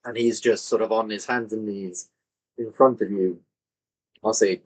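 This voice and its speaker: A man narrating as dungeon master in a relaxed, matter-of-fact way. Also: on the low side, measured pace, long pauses, poor audio. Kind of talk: narrating a tabletop game.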